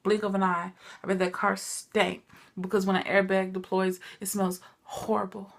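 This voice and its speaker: Chatty woman with a gravelly edge. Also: medium pitch, normal speed. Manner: chatty, animated storytelling, addresses viewers as y'all. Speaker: TV recap vlogger. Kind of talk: casual TV recap chat.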